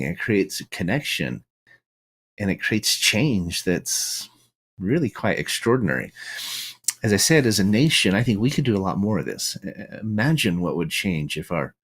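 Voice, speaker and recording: A man's voice: lowish voice, husky. A middle-aged American man hosting a solo podcast monologue, reflective and storytelling, with frequent restarts and tag questions. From United States. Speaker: podcast host.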